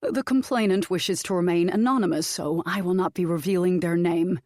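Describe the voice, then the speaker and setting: A nervous, stiffly polite male vampire official, voiced by a woman reading an audiobook. He sounds formal and uneasy. The voice sits a little low in a dry, close recording. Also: moderate pace, darkish tone, dry recording, close to an everyday voice. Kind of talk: audiobook character voice.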